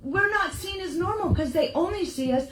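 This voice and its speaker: A middle-aged woman with a bright, high voice tells stories to a gathering with plenty of animation. She slips into the voices of the people she quotes and laughs as she goes. The sound carries around an echoey room. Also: animated, normal speed, slight background noise. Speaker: devotional speaker. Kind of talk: storytelling talk to a gathering.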